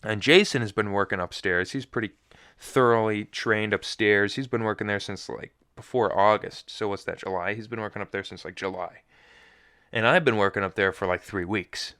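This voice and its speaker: A man's voice: on the low side, normal speed, bright, forceful tone, clear, resonant tone, dry recording, studio quality. A young man hosting a solo podcast, telling a rambling, self-mocking story full of tangents. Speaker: podcast host. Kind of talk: casual solo chat.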